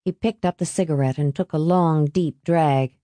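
A woman reading an audiobook in a steady, even scripted narration, close to the mic. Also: low-pitched, moderate pace, dry recording.

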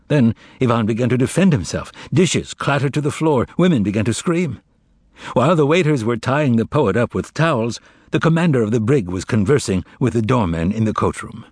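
Male audiobook narrator, lively expressive reading, dry close sound. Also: medium pitch, husky, dry recording.

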